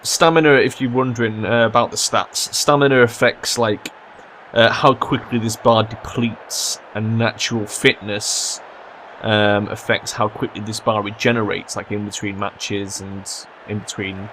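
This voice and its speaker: A young man commentating his own football management game, swearing and yelling at his players when they mess up. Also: on the low side, fairly even intonation, unhurried, slight background noise. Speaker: gaming commentator. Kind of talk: let's play commentary.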